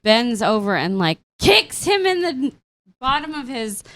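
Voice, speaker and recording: A woman's voice: fairly high pitch, big pitch swings, unhurried, a bit bright, dry recording. A woman co-hosting a podcast in casual chat, enthusiastically retelling scenes. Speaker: podcast co-host.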